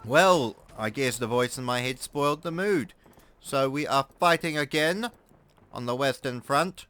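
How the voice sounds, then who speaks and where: A man's voice: mid-range voice, measured pace, a little hiss or hum. A man giving casual, sarcastic gameplay commentary, swearing and mocking himself as he plays. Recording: loud game gunfire behind.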